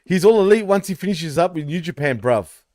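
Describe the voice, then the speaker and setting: A male co-host chatting loosely about wrestling, cursing freely and often breaking into laughter. His voice sits a little high for a man. The sound is dry and close to the mic. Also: expressive, a little fast, warm tone, no echo. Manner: swears a lot, laughs often, teasing. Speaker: podcast co-host. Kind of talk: casual wrestling chat.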